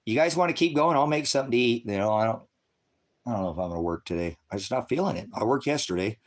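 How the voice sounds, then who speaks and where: A man in his sixties rambling through a live-stream monologue, cursing freely and swinging between low mutters and loud rants. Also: lively intonation, fast. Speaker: livestreamer.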